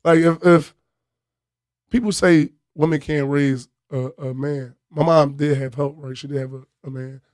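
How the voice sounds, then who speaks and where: A man from Philadelphia, a comedian guest telling a story on a podcast in a lively way and acting out the voices of the people in it. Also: fairly high pitch, measured pace, dry recording, studio quality. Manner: animated storyteller who acts out voices, bursts into loud laughter.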